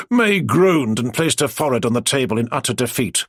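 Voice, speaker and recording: A man narrating an audiobook in an expressive storytelling way. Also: mid-range voice, brisk, few pauses, no echo, studio quality.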